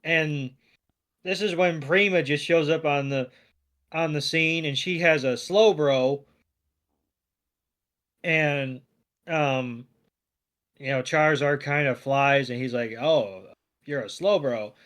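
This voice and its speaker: Male podcast co-host, casual rambling recapper, slightly high voice. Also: slow pace, long pauses. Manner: relaxed, rambling, many fillers. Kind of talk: casual episode recap chat.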